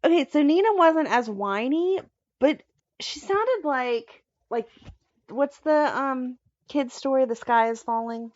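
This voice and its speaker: A woman with a fairly high voice co-hosts a fan podcast and comments in an animated, exasperated way, with her pitch swinging widely. The sound is close and dry, slightly muffled. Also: measured pace, dry recording. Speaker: podcast co-host. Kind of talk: casual recap chat.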